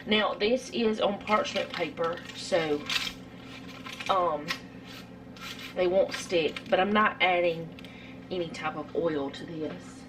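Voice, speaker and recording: A woman's voice: on the low side, slow pace, long pauses, noisy background. A middle-aged woman, chatting casually through a home cooking vlog in her kitchen, rambling with lots of fillers.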